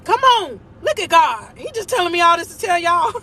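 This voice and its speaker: Emphatic woman life coach, high bright voice, motivational faith talk from a car. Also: very animated, brisk, a little hiss or hum. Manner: emphatic, preachy, laughs often.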